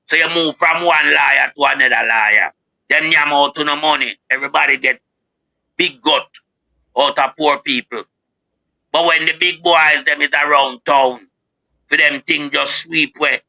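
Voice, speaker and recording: A man with a Jamaican accent, a guest speaker giving impassioned political commentary, preachy and rising to shouts. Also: on the high side, vocal fry, highs cut off. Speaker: guest speaker on a live show.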